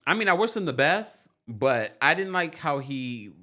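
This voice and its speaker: A man hosting a reality TV recap livestream, chatting casually, reading viewer comments and laughing often. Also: measured pace. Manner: animated, laughs often, jumps into high squeals. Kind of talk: casual livestream chat reading super chats.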